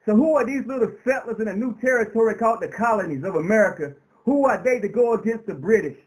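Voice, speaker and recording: A man with a notably high speaking voice gives an impassioned radio interview. He sounds like a preacher, stacking emphatic repetitions and rhetorical questions one after another as he drives his point home. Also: fast talker, rough recording. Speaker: interview guest.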